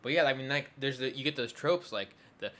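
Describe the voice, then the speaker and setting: A man's voice: medium pitch, animated, a little fast, a bit bright. A young adult man in casual conversation, rambling with many fillers and restarts. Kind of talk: casual chat.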